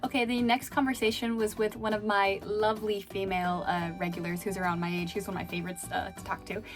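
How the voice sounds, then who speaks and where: Chatty woman vlogger, mid pitch. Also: level tone, fast, soft background music. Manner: chatty, filler-heavy, laughing now and then. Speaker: vlogger and former chat host. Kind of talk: casual storytelling vlog.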